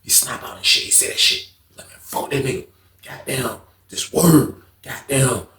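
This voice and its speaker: A man's voice: mid-range voice, moderate pace, reverberant. A man telling a prison story in casual, profane storytime style, acting out what others said. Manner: animated, profane, acts out other people's lines. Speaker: storyteller, channel host.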